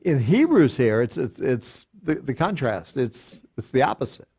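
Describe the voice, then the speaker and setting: The older pastor here has a dark, medium-pitched voice with a breathy edge and big pitch swings. He teaches a Bible study verse by verse, deliberately reading from lexicons and reference books aloud, often restarting with fillers.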